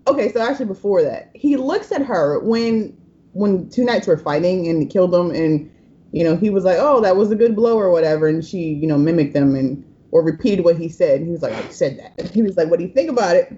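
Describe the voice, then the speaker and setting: A woman's voice: lowish voice, lively intonation, a little fast, warm tone. A woman hosting a podcast in casual chat, recapping scenes and quoting lines as she goes. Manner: chatty, recaps scenes with quoted lines, laughs easily. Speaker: podcast host. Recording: dull lo-fi podcast audio.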